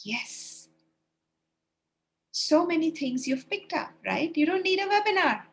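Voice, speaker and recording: A woman's voice: very high-pitched, very animated, unhurried, a bit bright. A woman leading an online training webinar for teachers over a video call, encouraging and demonstrating read-alouds.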